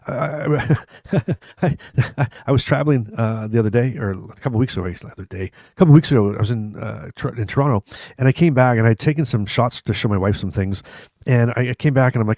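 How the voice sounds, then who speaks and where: A man's voice: medium pitch, fast talker, a little mellow, dry recording, clean studio sound. A man in his fifties telling funny stories to camera in a rambling, self-mocking way, often chuckling between restarts. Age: 50s. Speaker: vlog host. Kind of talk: casual humorous storytelling to camera.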